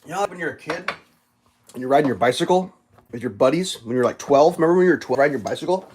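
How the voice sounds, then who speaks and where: A live streamer talks fast at medium pitch, spinning rambling traffic stories into a profane rant filled with "like." Other drivers are impersonated in loud, animated outbursts along the way.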